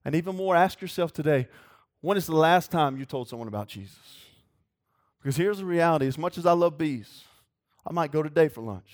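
A young adult man preaching a sermon in a folksy storytelling way, building to excited shouts. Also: fairly high pitch, fairly quick. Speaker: youth pastor preaching.

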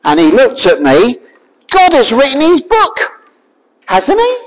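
A preacher delivering a sermon, firing rhetorical questions at the listeners and raising the voice to a shout at times. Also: sits high, huge pitch swings, takes it slowly. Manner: forceful, raises voice to a shout at times. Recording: long hall reverb.

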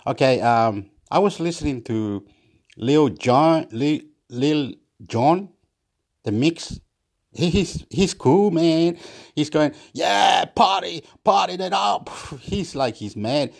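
A man's voice: a little high, lively intonation, takes it slowly, darkish tone. A man rambling late at night while smoking, laughing a lot and swearing. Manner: laughing often, swearing, nonsense scatting and vocal percussion. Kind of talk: late-night solo recording, rambling and beatboxing.

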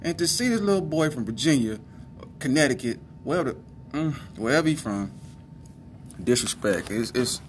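A man from the Midwest hosting a podcast, doing casual comedic commentary in an animated, exasperated way and talking straight to his listeners. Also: mid-range voice, moderate pace, slight background noise. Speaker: podcast host.

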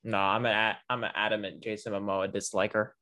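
Deadpan man, podcast guest. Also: on the low side, brisk. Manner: deadpan, mock-dramatic. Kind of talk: casual chat.

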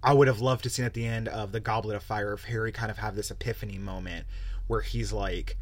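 A man's voice: lowish voice, quick pace, a bit bright, no echo. A young man hosting a podcast, ranting casually and animatedly, with lots of swearing and rambling asides. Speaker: podcast host. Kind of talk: casual solo podcast rant.

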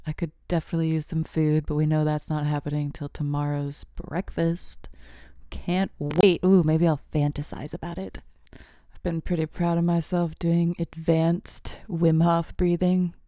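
Giggly low-voiced woman rambling solo. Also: mellow, dry recording, clean studio sound. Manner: rambling and giggly, often dropping to a whisper. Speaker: podcast host. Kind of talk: casual solo podcast monologue. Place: small room, alone. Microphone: podcast microphone.

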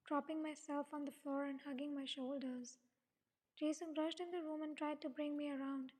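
A woman reading a fan story aloud in first person, in a quiet, emotional and earnest way. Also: high-pitched, fairly even intonation, moderate pace. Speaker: fanfiction audio reader. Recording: long reverb.

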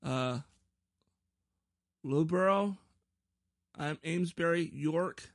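A man's voice: on the high side, measured pace, vocal fry. A man hosting his own podcast in a rambling, self-deprecating casual chat, often stumbling over his words. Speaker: podcast host.

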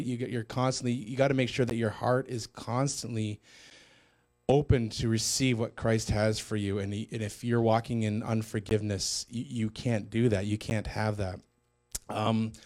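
A man's voice: lowish voice, a little mellow. A man co-hosting a Christian broadcast, teaching on forgiveness in an earnest, conversational way with frequent restarts. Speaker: Christian TV co-host. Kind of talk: sermon-style teaching.

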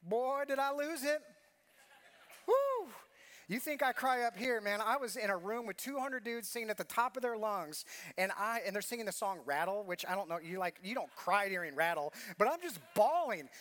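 A man's voice: sits high, animated, brisk, bright, forceful tone. A man preaching a sermon as pastor, earnest and confessional, telling a personal story with repeated phrases.

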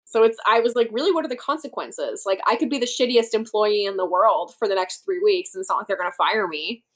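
A woman's voice: mid-range voice, fairly even intonation, fairly quick. A young woman co-hosting a podcast, blunt and freely swearing in casual chat. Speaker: podcast co-host.

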